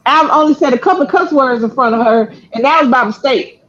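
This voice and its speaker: High-voiced woman telling a laughing story. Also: fast talker. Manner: animated, laughing, slangy delivery with acted-out quotes. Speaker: storyteller, channel co-host. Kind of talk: casual storytelling chat. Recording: dull lo-fi sound.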